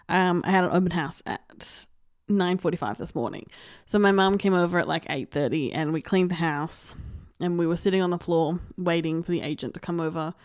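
A woman's voice: on the low side, a little mellow, clear, resonant tone, no room sound. Chatty young woman, dry close mic. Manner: chatty, rambling, full of likes and asides. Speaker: podcast host. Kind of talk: casual chat.

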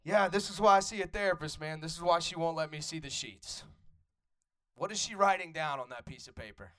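A man's voice: fairly high pitch, a little fast, pushed and bright. A young man from Atlanta with a Southern Atlanta accent, doing loose, profane stand-up crowd work on a comedy club stage. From Atlanta, USA. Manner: loose, profane, riffs with the audience.

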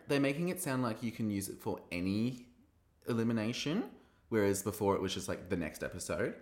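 A man hosting a podcast, recapping a TV episode in a gossipy, animated way and acting out quoted lines. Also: lowish voice, roomy sound. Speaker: podcast host reviewing a TV episode. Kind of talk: casual recap chat.

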